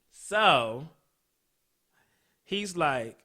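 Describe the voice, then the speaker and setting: A man hosting a podcast, telling a story in a blunt, profane, animated way. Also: sits high, takes it slowly, pauses often. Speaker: podcast host. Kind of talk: casual storytelling.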